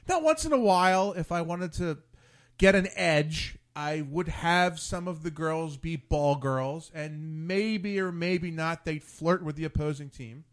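A man hosting a relaxed talk show, his voice sitting slightly higher than most men's. He tells long, crude anecdotes and acts out every line of dialogue along the way. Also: measured pace. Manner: storytelling, animated and crude, quotes friends in dialogue. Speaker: podcast host. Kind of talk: casual chat.

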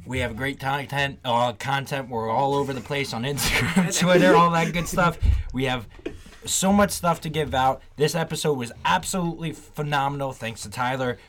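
A man's voice: medium pitch, moderate pace, a bit bright. A man co-hosting a podcast in casual chat, loose and upbeat. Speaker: podcast co-host.

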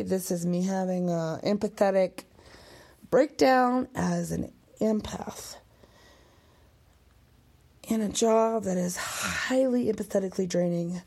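A woman's voice: mid-range voice, a little slow, gravelly, long pauses, a little mellow, slightly rough. A woman hosting her own podcast, venting emotionally in a rambling rant, swearing and dropping into whispered asides, a little tipsy and emotional. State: emotional, tipsy after sake. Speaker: podcast host.

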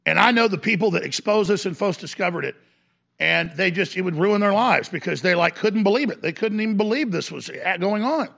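A male talk radio host in an impassioned broadcast monologue. He rants with force, swinging between shouts and low growls. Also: expressive, fairly quick, creaky.

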